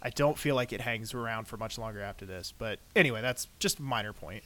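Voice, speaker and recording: A man's voice: fairly low pitch, fast talker, fairly bright tone. A man co-hosting a casual podcast, rambling through his opinions on TV episodes with many fillers. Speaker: podcast co-host. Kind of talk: casual TV recap chat.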